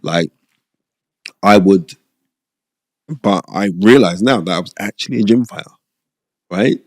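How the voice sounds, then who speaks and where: A man's voice: low-pitched, unhurried, dry recording, studio quality. A middle-aged man, a former boxer, telling stories in a casual interview and checking in with frequent "you know what I mean?" asides. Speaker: former boxer, podcast guest.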